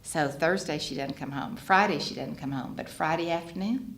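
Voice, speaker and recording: A woman's voice: low-pitched, brisk, hardly any pauses. A middle-aged woman, sharing her recovery story at a fellowship gathering and acting out the other people's voices with strong feeling. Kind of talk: personal testimony at a fellowship gathering. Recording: echoey hall with faint background noise.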